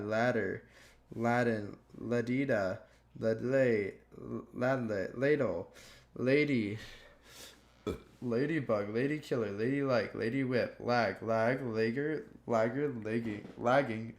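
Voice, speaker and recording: A man slowly reading dictionary words aloud one by one, stumbling and restarting now and then. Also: mid-range voice. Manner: slow, plodding word-by-word reading with stumbles. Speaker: gaming youtuber.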